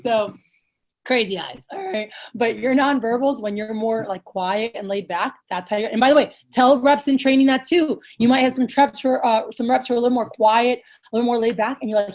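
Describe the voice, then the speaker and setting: A woman with a slightly high voice leads a casual coaching session for sales managers over a video call. She talks bluntly and with plenty of energy, drops the odd swear word, and acts out lively sales pitches. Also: a little fast.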